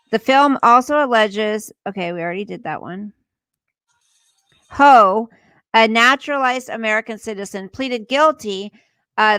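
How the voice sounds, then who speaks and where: A woman's voice: mid-range voice, a bit bright, clean tone, dry recording. A woman hosting a casual livestream, ranting indignantly, swearing, and reading news aloud to her viewers. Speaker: livestream host.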